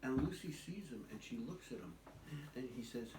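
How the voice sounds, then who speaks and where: An older man, a grandfather, telling a children's story at home in a gentle, patient way. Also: medium pitch, very animated, moderate pace. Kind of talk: bedtime storytelling. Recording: echoey, distant, noisy home recording.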